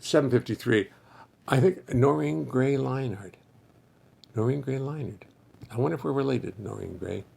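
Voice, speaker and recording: A hoarse man hosting a casual livestream for fans, chatting loosely, thinking aloud and greeting viewers by name. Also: mid-range voice, normal speed, darkish tone. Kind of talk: rambling casual livestream chat.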